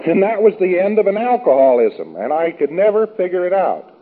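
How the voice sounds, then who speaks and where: A man's voice: high voice, very animated, fairly quick. A man giving an informal lecture in a wry, rambling, anecdotal way. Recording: thin phone-like old recording.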